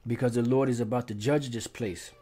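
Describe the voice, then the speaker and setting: A man's voice: medium pitch, fairly even intonation, fairly quick, mellow, slightly rough, soft background music. Conversational male Bible teacher. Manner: loose and conversational, heavy on "you know" and "um"; turns emphatic and preachy when driving points home. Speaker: Bible teacher leading a live lesson. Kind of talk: informal scripture lesson, reading verses aloud.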